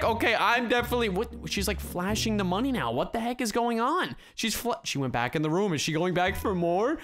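A man hosting a gaming video, commenting on a role-play game in an excitable, exclaiming way and quickly turning indignant. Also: high-pitched, faint music behind.

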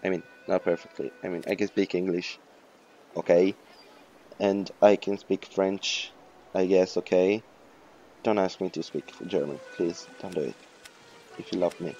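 A man rambling through casual game commentary, swearing and joking at himself, his voice hoarse. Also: low voice, steady tone, a little slow, pauses often, dark tone, muffled recording, a little hiss or hum. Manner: rambling, profane, self-mocking. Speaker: let's play host.

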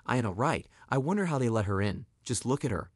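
A man's voice: mid-range voice, lively intonation, fairly quick, husky, no room sound, clean studio sound. A man voicing a snobbish rich woman diner who speaks scornfully.

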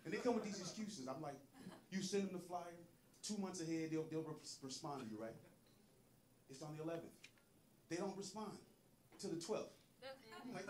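A man's voice: high voice, lively intonation, a little fast, long pauses, a little mellow, slight background noise. A man doing a stand-up comedy set, acting out quotes and laughing often as he tells the story. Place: comedy club stage. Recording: echoey club with audience. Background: crowd laughing.

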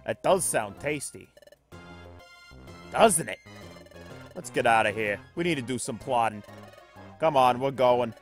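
A man voicing a bossy, tough male skunk gang chief with a gruff gangster-style voice, low and contemptuous. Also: lively intonation, measured pace, long pauses, soft background music.

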